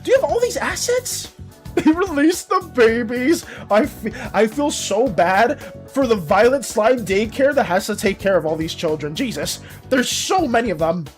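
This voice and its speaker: A woman art streamer chatting casually on a live stream, excitable, laughing often and swearing. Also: fairly high pitch, normal speed, soft background music.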